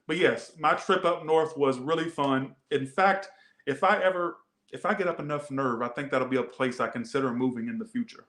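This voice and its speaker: A man's voice: medium pitch, moderate pace, fairly bright tone, roomy sound. A man doing a casual tarot reading, rambling and swearing, often repeating himself. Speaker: tarot reader.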